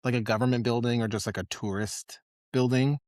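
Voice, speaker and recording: A man's voice: mid-range voice, fairly even intonation, a little fast, a little mellow, no echo. A man with a mid-range voice co-hosts a film podcast in loose, chatty talk. He rambles through his points and teases his co-host. The recording is dry and close-miked. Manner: chatty, teasing, full of "like" fillers. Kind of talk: casual chat.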